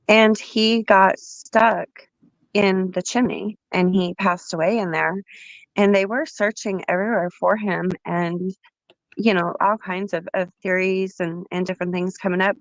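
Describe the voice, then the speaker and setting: A woman's voice: medium pitch, no echo, muffled recording. A woman calling in to a livestream with a groggy morning voice, talking in a rambling, hesitant way. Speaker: caller on a livestream. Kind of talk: casual call-in chat.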